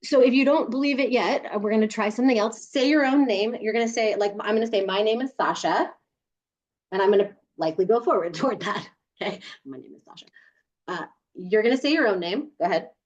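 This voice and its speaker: A woman's voice: a little high, fast talker, a little mellow, dull audio. A woman leading a group through a guided body exercise on a video call, coaching them and often laughing. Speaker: workshop leader.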